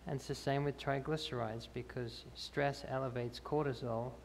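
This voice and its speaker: Gravelly man answering questions in a hall. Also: medium pitch, steady tone, moderate pace, a little hiss or hum. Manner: explanatory, with many fillers and restarts. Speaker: health speaker. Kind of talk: Q&A after a health talk. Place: church hall. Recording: reverberant church hall, faint ambience.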